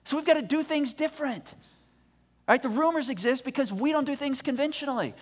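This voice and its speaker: A man preaching a sermon as pastor, energetic and conversational, often restarting his words. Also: very high-pitched, quick pace. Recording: echoey church hall reverb.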